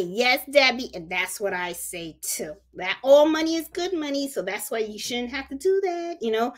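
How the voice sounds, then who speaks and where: A woman from Puerto Rico, with a matching accent, hosts a casual sewing live stream for her crafting channel, chatting and repeating herself for emphasis. Her slightly high voice has lively intonation, a moderate pace and few pauses.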